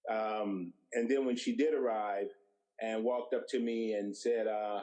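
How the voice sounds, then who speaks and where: Man telling lively anecdotes. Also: lowish voice, measured pace, low-quality recording. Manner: animated storyteller who acts out quoted dialogue. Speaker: guest, TV director. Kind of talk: anecdotal storytelling interview.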